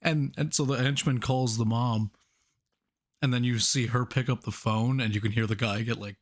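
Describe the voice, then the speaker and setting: A man co-hosting a casual movie review podcast, laid-back and halting, restarting with "um" and swearing. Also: medium pitch, fairly even intonation. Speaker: podcast co-host.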